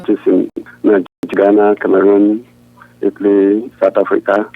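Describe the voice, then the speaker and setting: A man, a pastor, answering interview questions in an earnest, halting way with frequent restarts. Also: fairly low pitch, completely flat delivery, vocal fry, dry recording. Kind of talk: answering questions over a phone line. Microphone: phone. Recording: tinny dry phone line.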